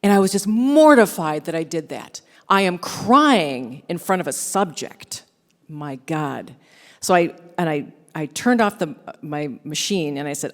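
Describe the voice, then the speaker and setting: A woman's voice: low voice, unhurried. Candid woman host in an echoing hall. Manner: candid, self-deprecating, quoting others in lively bursts. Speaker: radio host and author speaking at a forum. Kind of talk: storytelling talk with audience Q&A. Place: church hall, live audience. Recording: long reverb of a large hall.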